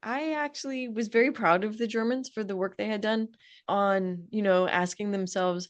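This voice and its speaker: A woman's voice: mid-range voice, moderate pace, no echo. A woman hosting a podcast interview, talking earnestly and at length in casual conversation. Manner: earnest, talkative. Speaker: podcast host. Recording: dry close sound.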